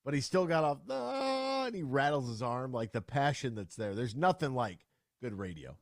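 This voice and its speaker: A young man hosts a sports talk radio show in an animated, ranting way, his pitch leaping all over the place. The sound is close and dry, with no room around it. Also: a little fast, no echo. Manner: animated, ranting with sudden loud outbursts.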